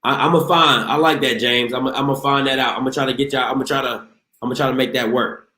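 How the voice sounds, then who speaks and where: A man's voice: medium pitch, fairly even intonation, quick pace, bright, forceful tone. A man hosting a casual call-in show, talking in a laid-back drawl with frequent exclamations. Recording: roomy echo.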